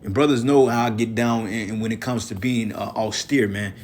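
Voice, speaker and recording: A man's voice: fairly low pitch, fairly even intonation, a little fast, few pauses, a little mellow, a little hiss or hum. A man preaching an angry, profane rant against a rival religious group, scolding and ending lines with "man". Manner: profane, scolding, repeats "man" at line ends. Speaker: street preacher.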